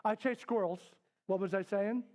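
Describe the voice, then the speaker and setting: A middle-aged man teaching a parenting workshop, talking candidly to a live group. He tells stories, acts out the voices in them and drops to a soft, quiet tone for serious points. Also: sits high, normal speed. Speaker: parenting class instructor. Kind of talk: storytelling workshop talk. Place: indoor classroom with a live group.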